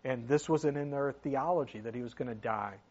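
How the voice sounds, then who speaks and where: A man's voice: medium pitch, a little fast, muffled recording. A man preaching a sermon as pastor, talking in an earnest, conversational way with many fillers.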